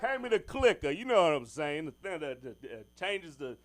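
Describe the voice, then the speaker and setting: A man doing an impression of his forgetful dad, loud and drawling, trailing off mid-thought. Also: fairly high pitch, big pitch swings, moderate pace, dry recording. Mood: rambling.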